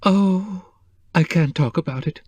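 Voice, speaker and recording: A man doing a tearful, shaken woman who wails and sobs through every line, her voice pitched well above his own. The recording is dry and close, with no room sound. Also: a little slow, slightly rough, no room sound. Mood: distraught. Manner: sobbing, wailing. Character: distraught tearful middle-aged woman.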